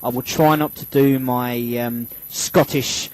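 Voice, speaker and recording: Guy hosting a radio show, mid pitch, rambly, lots of ums and restarts, jokes at his own expense. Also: steady tone, measured pace, darkish tone, no room sound, poor audio. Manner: rambling, with many fillers and restarts; joking, self-mocking. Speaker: radio host. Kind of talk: casual radio show chat.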